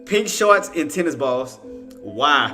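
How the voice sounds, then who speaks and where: A man's voice: fairly high pitch, big pitch swings, takes it slowly, sharp tone, faint music behind. A man giving casual, rambling live trading commentary, talking to himself, laughing often and using slang. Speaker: stock trading streamer.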